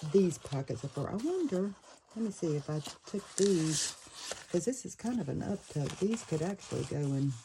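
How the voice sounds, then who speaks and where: A woman casually talking through a handmade journal, thinking aloud and pausing to fiddle with the pieces. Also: lowish voice, warm tone, slight background noise, rough recording. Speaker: paper craft creator. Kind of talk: casual craft flip-through.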